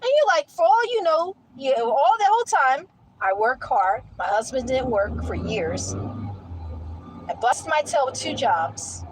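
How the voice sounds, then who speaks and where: A woman vlogging in a casual storytelling rant, animated and incredulous, often breaking into laughter. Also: high voice, unhurried, noisy background.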